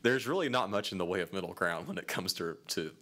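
Lively low-voiced male podcast co-host. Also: fast talker. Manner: animated, lively, reads a long quote aloud. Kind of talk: casual podcast chat.

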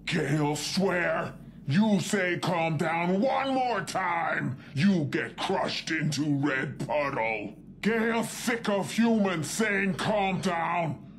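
A woman's voice: lowish voice, lively intonation, slow, slight background noise. A woman voicing a big, short-tempered female super mutant in a video game, talking in broken, simple sentences and calling herself by name. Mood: furious.

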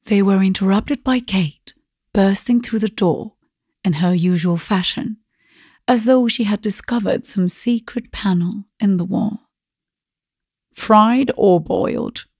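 Slow, gravelly woman reading a classic. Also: medium pitch, dark tone, dry recording, studio quality. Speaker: audiobook narrator. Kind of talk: scripted narration.

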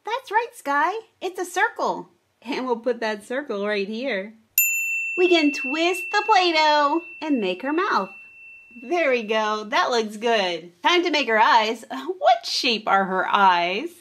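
A woman hosting a children's toy show, narrating playfully in a gentle, patient teaching tone. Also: fairly high pitch, sing-song, takes it slowly.

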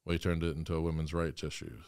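A man's voice: a bass voice, flat delivery, rapid-fire, a little mellow, clear, resonant tone, no echo, studio quality. A man, a priest, talking earnestly and with passion in an interview. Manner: earnest, impassioned storytelling. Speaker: guest priest. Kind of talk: conversational interview.

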